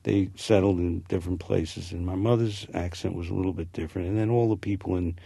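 A man's voice: low-pitched, fairly even intonation, fairly quick, gravelly, warm tone, breathy edge, dry recording. A man with a slight New Jersey accent, an actor talking through an interview in a rambling, reminiscing way that restarts its sentences. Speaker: actor guest. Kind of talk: casual interview.

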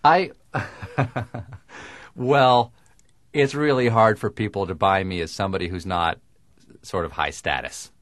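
A middle-aged man from the American South with no Southern accent, talking in a dry, deliberate way with crisp diction in an interview. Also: sits low, fairly bright tone, no echo. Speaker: comedian guest. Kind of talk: radio interview conversation.

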